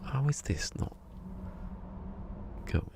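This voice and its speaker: In a room at home, a man streams a game and chats casually, speaking very slowly against a noisy background. He rambles, chuckles, and talks to himself.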